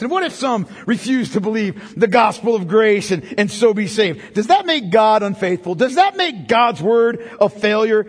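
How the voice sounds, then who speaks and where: A man preaching an expository sermon, emphatic, with rhetorical questions that build to forceful peaks. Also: sits high, lively intonation, moderate pace, husky, big-room sound.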